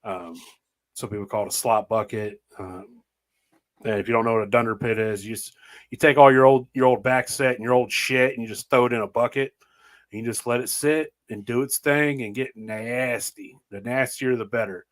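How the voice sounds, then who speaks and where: A man's voice: mid-range voice, steady tone, normal speed. Guy hosting a podcast, easygoing rambling stories, laughs a lot. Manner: laid-back, rambling storyteller, laughs often. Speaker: podcast host. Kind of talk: casual chat.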